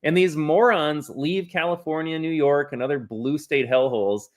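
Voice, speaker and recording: A man's voice: a little high, normal speed. A male host of a live-streamed political show who talks bluntly and emphatically, often stumbling over a repeated "I". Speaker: podcast host.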